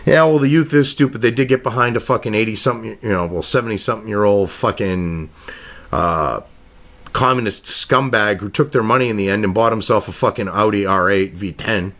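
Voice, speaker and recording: With a fairly low, slightly bright voice and a somewhat quick pace, a man delivers profane political commentary. He rants sarcastically, reading news excerpts aloud and breaking them up with crude asides.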